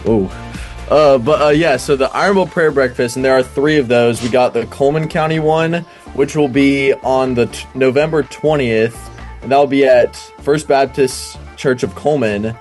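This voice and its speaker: A man's voice: mid-range voice, normal speed, darkish tone. A man visiting as a guest gives event details in an easygoing, informative way. His voice sits mid-range, with faint music behind. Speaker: guest from a Christian athletes group. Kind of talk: casual announcement.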